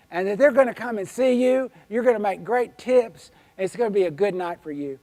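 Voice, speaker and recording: Folksy, animated man telling stories. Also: sits high, a little fast, hardly any pauses. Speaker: keynote speaker. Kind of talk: storytelling conference keynote. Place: conference hall.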